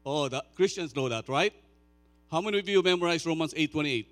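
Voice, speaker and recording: A man in his sixties preaching a sermon, chatting with the congregation and then swelling into loud, slow, emphatic declaiming. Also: on the high side, animated. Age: 60s. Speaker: pastor.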